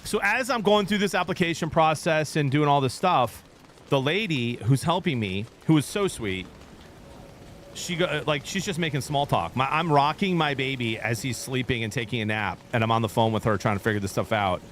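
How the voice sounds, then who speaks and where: A man's voice: medium pitch, moderate pace, a bit bright, a little hiss or hum. A man in his thirties, a streamer, telling a rambling story in casual chat with his viewers.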